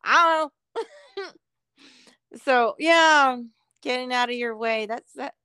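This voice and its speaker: A woman's voice: sits high, slow, sharp tone, clear, resonant tone, no echo. A middle-aged woman co-hosting a podcast, chatting casually, swearing constantly and laughing as she acts out quotes. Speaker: podcast co-host. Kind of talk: casual chat.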